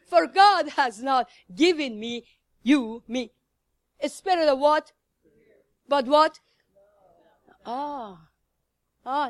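High-voiced woman preaching with fervor. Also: no echo. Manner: fervent, swings between loud exhortation and hushed whispers; laughs now and then, addresses the audience directly. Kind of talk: sermon.

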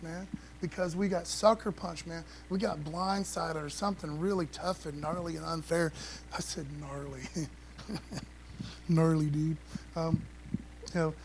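High-voiced pastor preaching casually. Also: male voice, darkish tone, slight background noise. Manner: casual preaching with slang and calls to the congregation. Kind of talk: sermon.

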